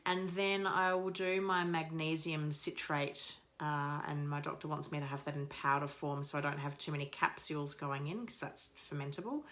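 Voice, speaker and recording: A woman's voice: low-pitched, fairly even intonation, moderate pace, hardly any pauses, fairly bright tone. A woman in her thirties from Australia, chatting upbeat to viewers in a casual video diary. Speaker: vlogger.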